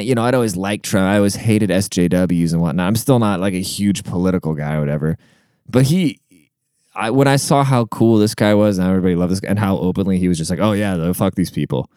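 A man's voice: on the low side, darkish tone, clean tone, no echo. Rambling, earnest young man, dry close mic. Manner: rambling, heavy filler words, frequent swearing; earnest and emotional. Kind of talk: casual personal storytelling.

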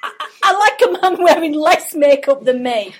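Teasing high-voiced woman. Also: animated, slight background noise. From Yorkshire, England. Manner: teasing, quick-witted. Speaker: podcast co-host. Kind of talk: live podcast banter.

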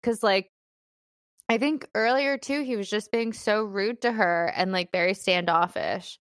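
Chatty young woman, smooth dry voice. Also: mid-range voice, unhurried, no room sound. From Philippines. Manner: chatty storytelling, lots of fillers and laughs. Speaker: guest telling a dating story. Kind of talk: casual chat.

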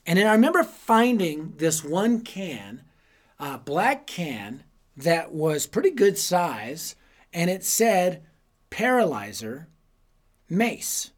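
Animated male youth ministry speaker. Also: sits high, slow. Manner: animated, dramatic storytelling. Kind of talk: evangelistic teaching talk with storytelling.

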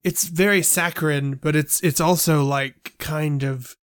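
A man's voice: a little high, steady tone, a little slow, smooth. A man with a slightly raised voice, talking through background history in an easygoing, rambling way. He is miked close, and the sound is dry with no room echo. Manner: explanatory, loose, with fillers. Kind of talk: casual chat about films and music.

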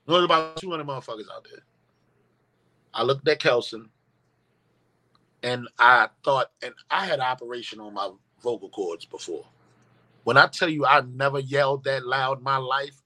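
A man's voice: mid-range voice, normal speed, long pauses, bright, forceful tone. A man telling an emphatic, profane story as a guest in a casual interview.

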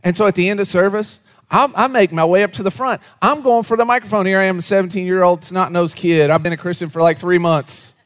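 A man preaching a sermon to a congregation, moving between hushed, low asides and animated, raised storytelling. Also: quick pace, hardly any pauses. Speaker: pastor.

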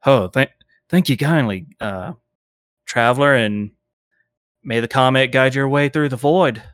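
A man's voice: medium pitch, measured pace, fairly bright tone, close to an everyday voice. A man voicing a zealous male preacher in robes, speaking in archaic, pious warnings. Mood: grateful.

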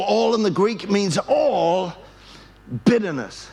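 A male pastor delivers a lively sermon at a church service and tells stories with animation. His voice sits high and has a heavy, gravelly rasp. He often calls on the congregation to repeat phrases back to him. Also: normal speed. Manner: animated storytelling, leads call-and-response with congregation.

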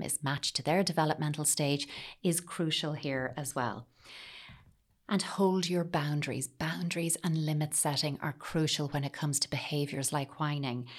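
Woman, low register, calm reassuring parenting coach tone. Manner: calm, reassuring, acts out child voices briefly. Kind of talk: advice talk.

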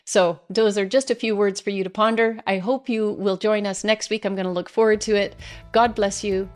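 A Canadian woman hosting an online show, talking earnestly to her viewers with many pauses and fillers. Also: mid-range voice, fairly even intonation, faint music behind. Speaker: host. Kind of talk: direct-to-camera commentary.

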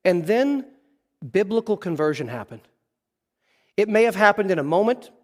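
A man's voice: sits high, very animated, moderate pace, a little mellow, in a large hall. A man preaching a sermon, telling a story earnestly and restarting his phrases often. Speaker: pastor. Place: church sanctuary.

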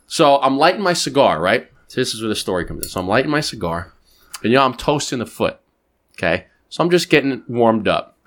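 A male podcast host tells a rambling anecdote in an easy, talkative way, dropping profanity and tag questions. His pitch sits mid-range but leaps around expressively as he builds the story. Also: brisk. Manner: animated, profane anecdote telling with frequent "like" and "right?". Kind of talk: casual storytelling chat.

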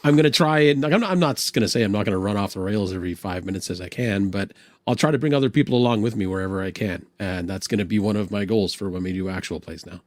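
A man's voice: fairly low pitch, no echo. A chatty man co-hosting a casual livestream, who admits he talks a lot. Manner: chatty, quick to apologize after slips. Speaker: co-host.

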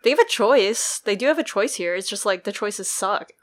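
A woman co-hosting a casual book discussion, chatty and quick to swear and laugh. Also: medium pitch, expressive. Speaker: podcast co-host.

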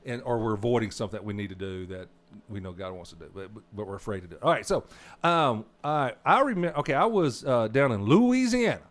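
A man's voice: fairly low pitch, lively intonation, fast. A man from South Arkansas with a South Arkansas accent, co-hosting a casual faith talk and telling stories in a rambling way with many restarts. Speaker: podcast co-host.

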